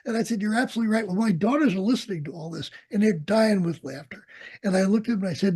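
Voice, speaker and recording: Older man telling a war story, mellow and husky. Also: high voice, fast talker. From United States. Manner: animated storyteller, acts out quoted dialogue, laughs often. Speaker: interviewee, Vietnam veteran pilot. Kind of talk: storytelling in an oral history interview.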